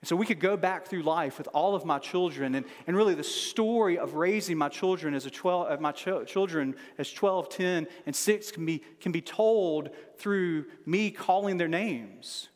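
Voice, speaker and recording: Pastor, male, 40s, earnest and fervent, slightly high voice, long hall reverb. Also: normal speed, hardly any pauses. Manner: earnest, building to fervent emphasis with repeated rhetorical questions. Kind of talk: sermon. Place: large church room with long reverb.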